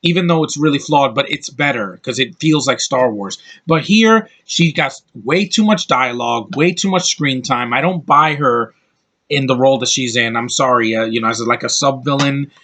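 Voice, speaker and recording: A man's voice: medium pitch, moderate pace, pushed and bright. Opinionated man rambling through a film review. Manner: rambling and opinionated, with frequent restarts. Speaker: movie reviewer.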